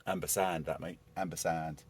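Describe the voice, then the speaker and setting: Over loud music, a man with a low voice chats casually while installing a car stereo on his own. As a DIY car vlogger, he rambles and cracks jokes to himself as he goes, speaking at a normal speed with fairly even intonation.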